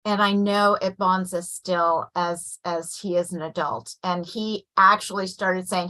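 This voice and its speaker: Panel guest: a bright-voiced mother, animated, acts out the voices in her anecdotes. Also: on the low side, measured pace, hardly any pauses, low-quality recording. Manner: animated storyteller, acts out quotes. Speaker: parent panelist. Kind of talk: casual panel talk.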